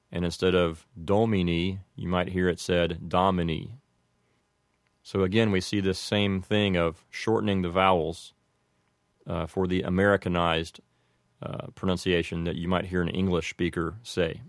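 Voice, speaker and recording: A man explaining Latin pronunciation in a measured, methodical way, slowing down for each example. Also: deep voice, dry recording, clean studio sound. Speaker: language teacher.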